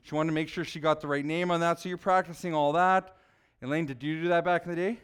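A man's voice: on the high side, fairly even intonation, fast, fairly bright tone, clean tone. A middle-aged man giving a casual sermon, talking conversationally, asking his listeners questions and acting out people's reactions. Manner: conversational, asks the audience questions, acts out people. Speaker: preacher.

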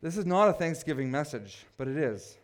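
A man preaching a sermon, building to passionate shouts and breaking off for joking asides. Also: on the high side, very animated, a little fast. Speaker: pastor.

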